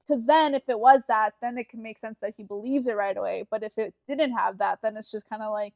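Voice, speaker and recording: A woman co-hosting a casual chat podcast, with a fairly high voice and a blunt, sarcastic way of cutting in. The recording is dry and close, with little room sound. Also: fairly quick, creaky, a little mellow, dry recording. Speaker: podcast co-host.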